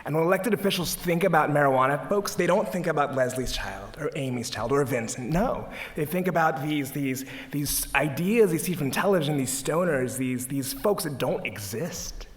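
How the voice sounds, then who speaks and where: A young man with a fairly high voice speaks at a moderate pace, barely pausing, from a podium in a lecture hall. He's on a panel for an advocacy group, rallying the audience with enthusiasm and humor in an energetic public speech.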